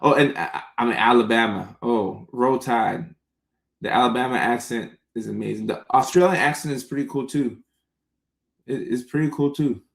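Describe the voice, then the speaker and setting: A man hosting a live stream, chatting casually with viewers and reading their comments aloud, relaxed and laughing often. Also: mid-range voice, moderate pace, creaky, roomy sound.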